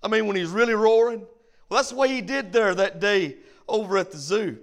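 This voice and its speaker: A man's voice: sits high, a little fast, a bit bright. A man preaching a Bible study as pastor, with a repetitive, rising cadence.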